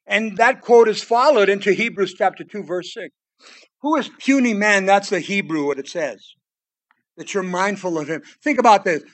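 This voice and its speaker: A man with a notably high-pitched voice delivers a verse-by-verse sermon. He talks straight to his listeners, calling them "guys" and telling them to listen. He punches some lines out loud, then drops to a near-hush for pleading asides. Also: normal speed. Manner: emphatic, swings between loud declarations and hushed pleading asides. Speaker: preacher. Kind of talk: expository sermon.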